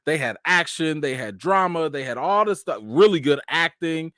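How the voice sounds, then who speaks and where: Animated man chatting casually. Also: on the high side, normal speed, few pauses, no room sound, clean studio sound. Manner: animated, joking, loose slangy talk. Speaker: TV show reaction host. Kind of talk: casual live-stream chat.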